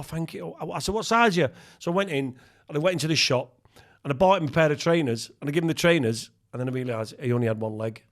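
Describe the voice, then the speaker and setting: A man co-hosting a podcast, telling rambling anecdotes in casual chat and swearing freely. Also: fairly high pitch. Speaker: podcast co-host.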